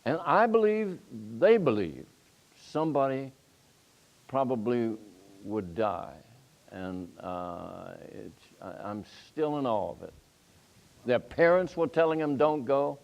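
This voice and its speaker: A man's voice: mid-range voice, animated, takes it slowly, gravelly, a little mellow, highs cut off. An older man from Nashville on a forum panel, telling a story and acting out the quoted dialogue with energy.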